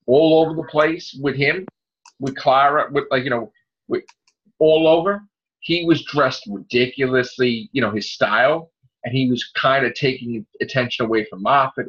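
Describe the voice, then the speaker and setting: A man on a casual fan podcast who talks in heated, profane rants. His voice is a little husky, and the audio sounds dull and lo-fi. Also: mid-range voice, a bit bright. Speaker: podcast host.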